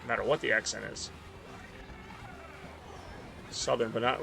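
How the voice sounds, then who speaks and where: A man's voice: mid-range voice, animated, moderate pace, vocal fry, pauses often, music in the background. A man from the Northeast US, tired and rambling in casual chat while streaming a racing game. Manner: rambling, self-deprecating, mumbly asides.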